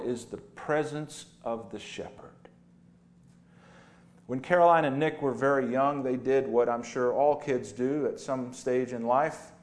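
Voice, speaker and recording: A man preaching a sermon as pastor, animated and dramatic, building to emphatic high points.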